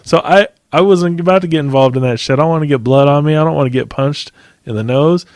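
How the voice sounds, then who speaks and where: A man's voice: on the high side, fast, a little mellow, no echo, studio quality. A man hosting a podcast who talks in a loose, rambling way, swearing freely and laughing often. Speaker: podcast host. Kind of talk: casual chat.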